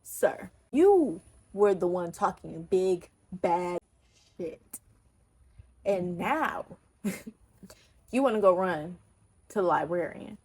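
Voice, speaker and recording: A young woman vlogger from Texas tells an animated, emphatic, profane storytime in casual talk. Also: fairly low pitch, slow pace, pauses often, breathy edge.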